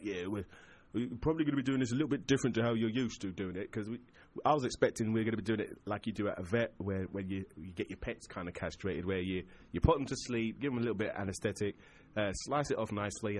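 A man telling a funny story in a casual chat, acting out the voices of the people in it and often breaking into laughter. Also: fairly low pitch. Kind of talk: casual anecdote.

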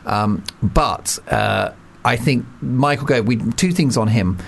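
A man's voice: mid-range voice, slow, vocal fry. Middle-aged male host, wry and dry, chatty political banter, faint noise behind. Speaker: podcast host. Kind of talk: casual political chat.

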